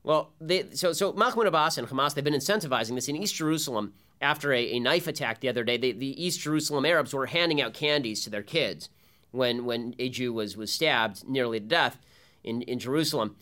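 Male host, punchy monologue delivery, biting sarcasm, middle pitch. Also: lively intonation, brisk, sharp tone. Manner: emphatic, sarcastic, rhetorical questions. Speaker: political commentator host. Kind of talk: opinion commentary monologue.

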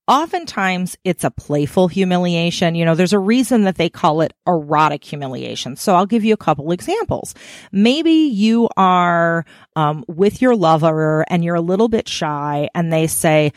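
A woman's voice: lowish voice, animated, normal speed, no room sound, studio quality. Frank, playful woman podcast host. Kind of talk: casual podcast talk.

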